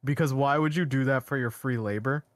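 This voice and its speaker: A man co-hosting a casual podcast, excitedly retelling a show's plot with frequent laughs and rambling asides. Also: mid-range voice, fairly quick, no echo, clean studio sound. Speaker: podcast co-host. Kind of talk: casual chat.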